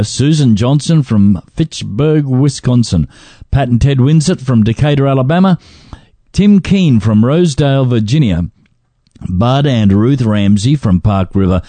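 A man's voice: mid-range voice, warm tone, no room sound. A man co-hosting a ministry radio show, reading a list of donors and joking as he stumbles over names.

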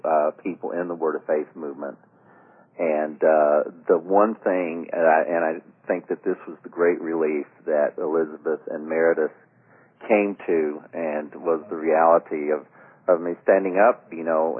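Deep husky guy on a radio show, rambly storyteller, thin phone-like sound. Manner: rambling storyteller, trails off with fillers. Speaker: radio co-host and former pastor. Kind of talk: radio talk conversation.

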